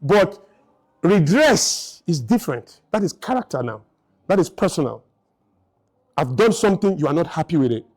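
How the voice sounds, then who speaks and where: A man's voice: a little high, sing-song, moderate pace, long pauses, a little mellow. A man in his fifties giving a motivational lecture to a live audience, emphatic and firing rhetorical questions. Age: 50s. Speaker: speaker.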